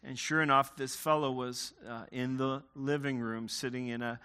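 Bright-voiced man preaching in a reverberant hall. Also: mid-range voice, fairly even intonation, moderate pace, clean tone. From Ontario, Canada. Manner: conversational, with frequent restarts. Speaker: pastor. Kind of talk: sermon with personal storytelling.

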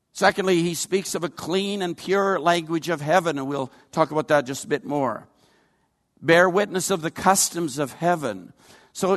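A man's voice: on the high side, a bit bright. Older man preaching in a reverberant hall. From Canada. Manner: earnest, folksy preaching with personal stories. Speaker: pastor. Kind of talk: sermon.

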